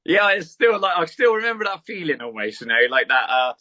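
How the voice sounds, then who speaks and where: A man's voice: high voice, sing-song, fairly quick, sharp tone. A man, a podcast guest, rambling through a story in casual chat and swearing freely.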